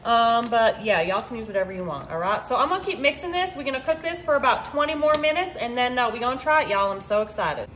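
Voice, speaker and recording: A woman's voice: on the high side, fast talker, few pauses, fairly bright tone, echoey room, a little hiss or hum. Chatty woman hosting a kitchen vlog. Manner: chatty, talks to viewers, says y'all a lot. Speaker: cooking channel host. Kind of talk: casual cooking vlog chat. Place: home kitchen.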